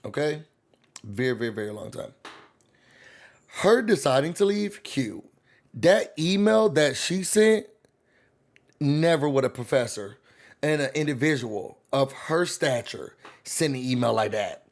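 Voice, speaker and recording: A man hosting a reality TV recap, talking in a sassy, animated way as he riffs on the cast. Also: fairly high pitch, unhurried, creaky. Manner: sassy, animated, quotes cast members in voices. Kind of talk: casual commentary.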